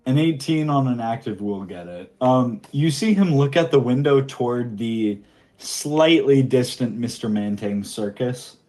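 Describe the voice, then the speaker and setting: A man narrating as game master of a tabletop game, lively, with loose fillers. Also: medium pitch, a little slow.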